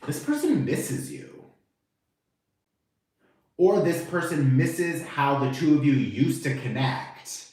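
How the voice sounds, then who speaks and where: A man giving a casual, animated tarot reading to camera, chatty and swearing now and then, acting out the reactions he quotes. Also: fairly high pitch, slow pace, long pauses, distant mic. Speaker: tarot reader. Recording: very echoey room, voice off-mic.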